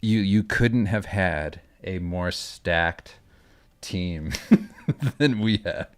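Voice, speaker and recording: A man with a deep, smooth, resonant voice gives earnest advice in a casual chat. He talks in a loose, halting way, and the sound is close and dry. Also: no room sound. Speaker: artist streamer.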